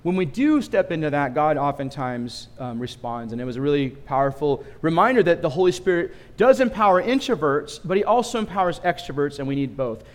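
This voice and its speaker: Male pastor, animated storyteller, slightly high voice, long hall reverb. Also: a little fast, hardly any pauses. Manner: animated storytelling with asides to the room. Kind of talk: sermon.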